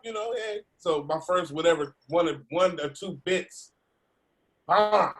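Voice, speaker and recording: A man, a comedian, telling an animated story over a video call, laughing and acting out the voices of other people. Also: on the high side, moderate pace. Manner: laughing, acts out voices in his stories. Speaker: comedian guest.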